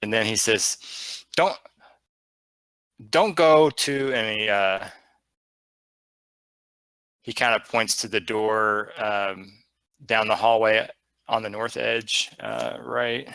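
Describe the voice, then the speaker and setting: A man's voice: fairly low pitch, level tone, takes it slowly, vocal fry, pauses often, pushed and bright, clear, resonant tone, no room sound, rough recording. A man narrating as game master of a tabletop game, rambling with fillers and restarts.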